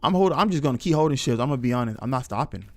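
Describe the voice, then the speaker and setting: A man's voice: mid-range voice, expressive, rapid-fire, dry recording, soft background music. A young man streaming a horror game, reacting casually with slang and talking to his chat. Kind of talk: live gameplay commentary.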